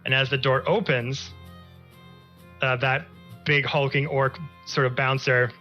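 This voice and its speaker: A man running a tabletop game, laying out the scene in a loose, rambling way full of fillers. His voice is bright and middle-pitched. The sound is a little dull and lo-fi, with faint music underneath. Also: level tone, unhurried. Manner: descriptive, loose, with many fillers. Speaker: game master.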